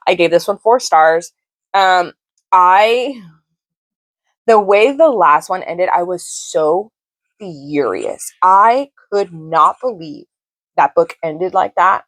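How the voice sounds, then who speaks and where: Chatty low-voiced woman reviewing books. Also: no room sound. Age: 30s. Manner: effusive and chatty, gushing about books. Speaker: book vlogger. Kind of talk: casual book review chat.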